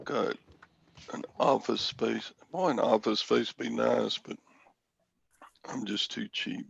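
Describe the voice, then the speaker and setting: Male host, very gravelly and husky, wry storyteller, dull lo-fi recording. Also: mid-range voice, fairly even intonation, takes it slowly, no room sound. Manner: wry storyteller, acts out dialogue. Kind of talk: casual chat, telling an anecdote.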